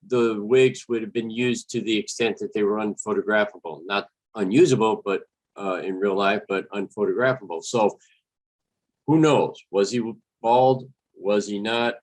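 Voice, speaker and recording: A man hosts a casual solo podcast, moving slowly and deliberately. He keeps pausing on fillers and correcting himself mid-sentence. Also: medium pitch, rough recording. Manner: hesitant, full of fillers and self-corrections. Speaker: podcast host.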